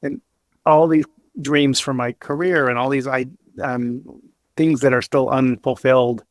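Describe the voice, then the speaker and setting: A man speaking as a podcast guest, earnest and emotional, halting with many restarts and fillers. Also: medium pitch, fairly even intonation, no room sound. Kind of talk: candid interview talk.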